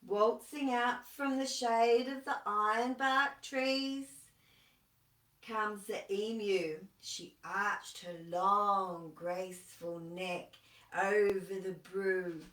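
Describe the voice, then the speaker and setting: A woman's voice: medium pitch, steady tone, extremely slow, a bit bright, far from the mic. A woman reading a children's story aloud expressively, asking her listeners questions along the way. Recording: echoey room, voice off-mic.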